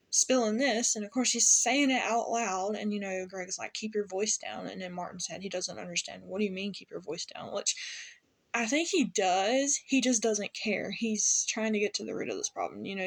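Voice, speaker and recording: Chatty woman recapping a TV episode. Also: medium pitch. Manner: chatty, rambling, laughs at her own retelling. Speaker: TV episode reviewer. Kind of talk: casual reaction recap.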